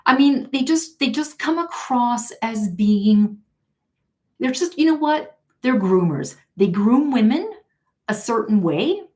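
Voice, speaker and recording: Her voice is fairly high and expressive, slow-paced, with a somewhat dark tone. Running a tarot live stream, she chats casually through a story, breaking into laughter while reading comments from viewers and frequently using fillers and starting over.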